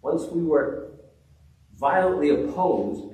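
A man preaching with restless energy, jumping from loud exclamations to quiet, reverent hushes and tripping over his own restarts. He sounds distant from the mic, and heavy echo fills the room. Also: medium pitch, animated, unhurried. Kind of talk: sermon.

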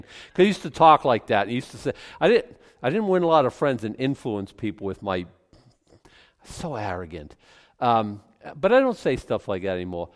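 Animated preacher man in a reverberant hall. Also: mid-range voice, brisk. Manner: animated, chuckles often, frequent restarts. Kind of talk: sermon with Bible reading. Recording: long reverb from a large hall.

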